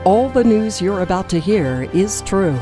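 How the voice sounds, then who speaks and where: A woman delivering a scripted show intro in a measured, mock-serious way. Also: mid-range voice, lively intonation. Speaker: show announcer. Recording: voice over clear music.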